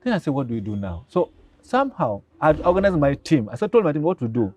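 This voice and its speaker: Brief: excitable older Ugandan professor, rapid animated storyteller, voices his own dialogue. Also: a little high. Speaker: guest, pharmacy professor.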